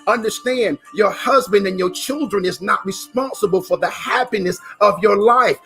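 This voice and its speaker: Man, motivational speaker, high voice, emphatic preaching delivery, repeats phrases. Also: moderate pace, vocal fry, fairly bright tone, faint music behind. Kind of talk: motivational talk.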